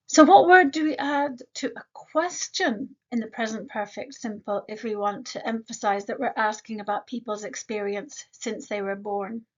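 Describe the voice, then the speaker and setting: Higher-voiced woman teaching English grammar. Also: dull audio. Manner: slow, deliberate modeling of example sentences; addresses the learner directly with quick questions. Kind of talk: online grammar lesson.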